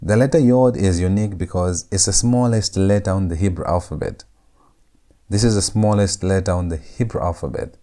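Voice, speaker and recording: A man teaching a language lesson, saying each letter sound over and over in a drawn-out, patient way. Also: deep voice, mellow. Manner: repeats each sound several times, drawn out. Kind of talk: slow lecture on letter pronunciation.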